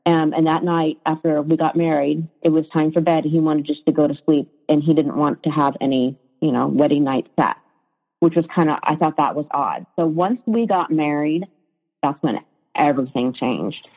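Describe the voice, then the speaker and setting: A woman's voice: low voice, moderate pace. Hesitant woman on a reverberant, dull line. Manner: hesitant, with frequent fillers and restarts. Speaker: guest sharing her story. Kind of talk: personal storytelling in a conversation.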